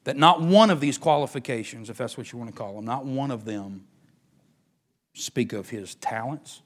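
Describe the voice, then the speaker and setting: A middle-aged man, preaching a sermon as pastor, swinging between emphatic rises and hushed near-whispers. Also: mid-range voice, moderate pace.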